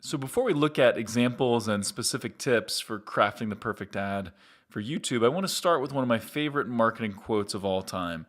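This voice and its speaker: A man's voice: medium pitch, a bit bright. A middle-aged man hosting a marketing tutorial, speaking to the viewer in an upbeat, conversational way. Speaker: marketing agency host.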